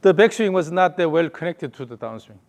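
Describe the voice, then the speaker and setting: A man's voice: a little high, expressive, fairly quick, vocal fry, slight background noise. A male golf coach giving a hands-on lesson, calling short repeated cues and humming the count and rhythm.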